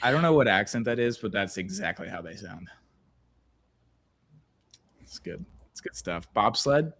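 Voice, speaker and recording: A man runs a casual watch-along podcast, his voice sitting fairly low. He rambles easily and reads viewer comments out loud as he goes. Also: very animated, a little slow, vocal fry. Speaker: podcast host.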